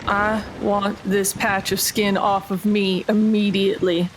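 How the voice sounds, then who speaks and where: A woman's voice: mid-range voice, little pitch movement, measured pace, a little hiss or hum, natural voice, rough recording. A woman playing a stern, defiant female patient, speaking in a curt, cold way.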